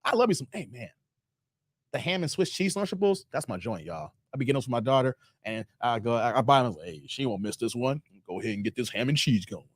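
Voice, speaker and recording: A man's voice: medium pitch, sing-song, fast talker, dry recording, studio quality. A man hosting a live stream, casually reacting to a clip and reading out viewer donations with a playful, joking manner. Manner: playful, laughs often, talks to chat.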